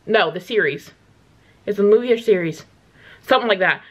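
A woman's voice: medium pitch, a little fast, highs cut off. A woman hosting a casual music reaction video, gushing and exclaiming with lots of "like" and "um". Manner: gushing, exclamatory, chatty with many fillers. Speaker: reaction channel host.

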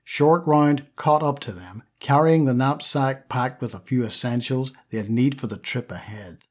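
A man narrating an adventure novel as an audiobook reader, telling the story in a steady, lively way. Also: medium pitch, measured pace. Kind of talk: scripted narration.

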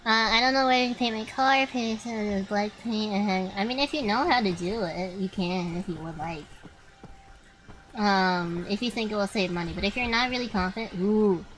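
A young woman streaming a game, chatting to her viewers with lots of swearing and sudden excited outbursts. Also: mid-range voice, moderate pace, slight background noise, low-quality recording. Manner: excitable, swears freely, talks to chat. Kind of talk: live gameplay commentary.

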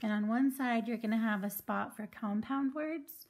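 A woman's voice: on the high side, moderate pace, a little mellow. A woman teaching a phonics lesson to children, patiently sounding out words syllable by syllable.

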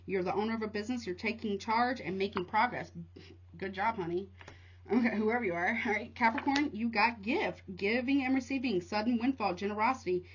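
A woman's voice: medium pitch, brisk, dull audio, background noise. A young woman giving a casual tarot reading, rattling off card meanings in a chatty way and calling listeners honey. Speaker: tarot reader.

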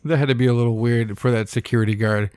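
A man's voice: mid-range voice, steady tone, quick pace, darkish tone, smooth, no room sound, studio quality. A man co-hosting a podcast in casual chat, swearing freely and cracking jokes. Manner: heavy casual swearing, wisecracking. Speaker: podcast co-host.

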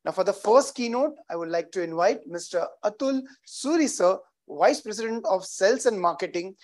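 A man's voice: sits high, lively intonation, moderate pace. A man with an Indian accent hosting a virtual corporate event, cheering the audience on with energy and repeating rallying phrases. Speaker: event host.

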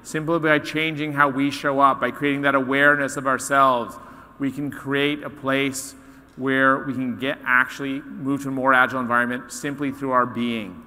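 A man's voice: mid-range voice, moderate pace. Man speaking in a reverberant hall. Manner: animated storyteller, acts out quoted voices. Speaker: conference speaker. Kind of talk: keynote talk with storytelling.

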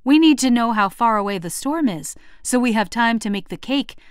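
A woman's voice: on the high side, expressive, normal speed, clean tone, no echo, studio quality, lightly acted. Storybook grandmother: kind, patient old farm woman, soothing folksy coaxing, voiced by a woman reader. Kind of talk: picture book read-aloud.

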